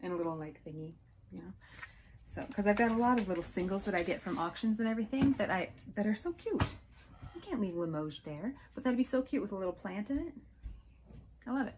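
A woman's voice: medium pitch, lively intonation, fast, darkish tone, slight background noise. A woman casually showing off her thrift haul, chatty and gushing over small finds, with hiccups now and then. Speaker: resale vlogger. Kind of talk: casual show-and-tell haul.

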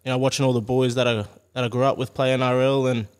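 Relaxed young man from Brisbane. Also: medium pitch, fast, clear, resonant tone. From Brisbane, Australia. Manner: relaxed, plain-spoken, many fillers. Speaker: guest athlete. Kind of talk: casual chat.

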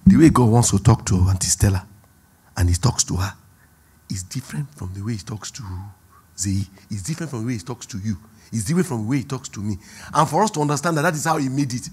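A man with a Nigerian accent, preaching a sermon as pastor, who swings from quiet asides to loud, drawn-out emphasis. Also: mid-range voice, husky. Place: church hall.

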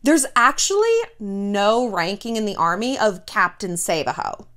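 A woman's voice: medium pitch, measured pace. A woman hosting her own vlog, chatting casually to the camera and saying "like" a lot. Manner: chatty, animated, says "like" often. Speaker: vlog host.

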